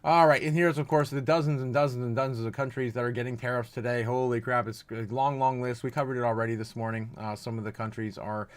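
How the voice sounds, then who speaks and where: Excitable man hosting a crypto livestream. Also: medium pitch, fast, few pauses. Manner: excitable, laughs often, loud bursts of hype; frequent filler uhs and restarts. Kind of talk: casual live-stream commentary reading chat.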